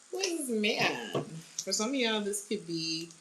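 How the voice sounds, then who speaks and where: A woman's voice: medium pitch, sing-song, slow, a bit bright, slight background noise, rough recording. Blunt, slangy woman tarot reader. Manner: blunt, slangy, laughs often. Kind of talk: casual tarot reading.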